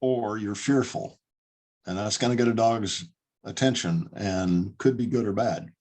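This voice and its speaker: Slow, low-voiced male dog trainer. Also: darkish tone. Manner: emphatic, demonstrates voice tones. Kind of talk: online lesson on a video call. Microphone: video call.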